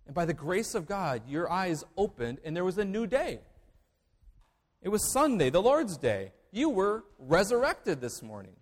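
A male pastor preaching a sermon, emphatic, moving between loud declarations and hushed asides. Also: sits high, very animated, measured pace, big-room sound.

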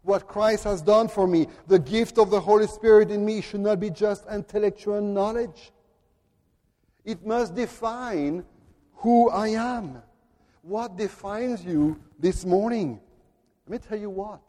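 A male pastor preaching a sermon in a large church, emphatic, building up to loud declarations. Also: high-pitched, measured pace. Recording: long reverb of a church hall.

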